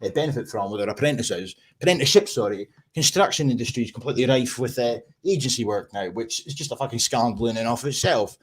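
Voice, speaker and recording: A man's voice: mid-range voice, expressive, fast talker, few pauses. A man with a Scottish accent hosting a casual livestream chat from his room, ranting and swearing constantly in an agitated way. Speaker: livestream host. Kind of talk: casual live-stream chat. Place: home room.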